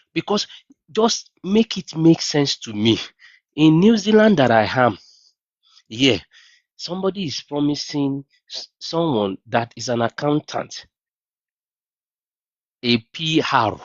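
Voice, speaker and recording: Animated man on a livestream. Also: mid-range voice, a little slow, pauses often, no echo, lo-fi sound. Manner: animated, incredulous, mimics others in raised voice. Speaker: livestream host. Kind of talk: casual livestream talk. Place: New Zealand.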